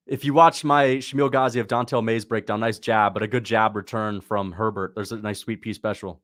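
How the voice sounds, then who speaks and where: Excitable man live-streaming fight reactions. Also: on the low side, a little fast, hardly any pauses. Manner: excitable, talks to chat, sudden shouts at big moments. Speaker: livestream host reacting to fights. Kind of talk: casual live commentary.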